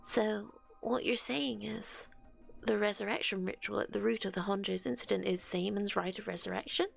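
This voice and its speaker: A woman's voice: medium pitch, steady tone, creaky, faint music behind. Woman reading a curious young investigator. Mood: puzzled. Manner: slow, questioning delivery. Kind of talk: reading game dialogue aloud.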